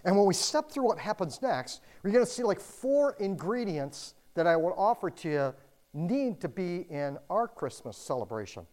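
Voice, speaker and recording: A middle-aged pastor preaching to a roomful of listeners. The delivery is chatty and informal, leaning on filler words. It jumps from loud emphasis down to near-whispered asides. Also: medium pitch, moderate pace. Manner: conversational, dotted with "like" and "you know"; animated, with swings between loud and hushed delivery. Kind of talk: sermon. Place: room with a congregation.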